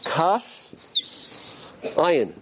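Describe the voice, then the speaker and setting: A man's voice: fairly high pitch, wildly swooping pitch, very slow, noisy background. A man teaching as a rabbi, asking rhetorical questions and musing aloud as he explains letters on a board. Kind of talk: teaching lecture.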